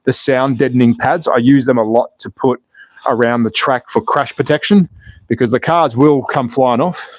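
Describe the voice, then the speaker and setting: A slot car channel host chats on a live stream at home, building a track and reading the chat aloud while joking at his own expense. His voice is mid-range, his pace moderate. There's no echo.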